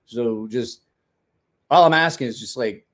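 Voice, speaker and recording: A man's voice: mid-range voice, unhurried. A man hosting a casual livestream, telling rambling, profane stories, laughing often and answering viewers' comments. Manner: talks back to viewers' comments. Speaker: livestream host. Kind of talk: casual live-stream chat.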